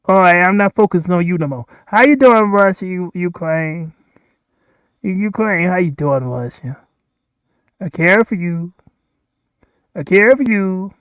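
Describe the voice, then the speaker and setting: A man's voice: high-pitched, fairly bright tone, clear, resonant tone, no room sound. A man hosting a rambling solo livestream, repeating himself and pleading with the countries he addresses. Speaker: livestream host.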